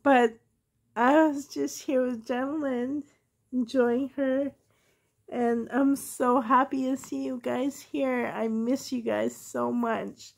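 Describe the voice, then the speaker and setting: Woman vlogger, hoarse with a cold, slow and soft-spoken, laughs a lot. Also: high-pitched, steady tone. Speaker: reborn doll hobby vlogger. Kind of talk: casual vlog chat to viewers.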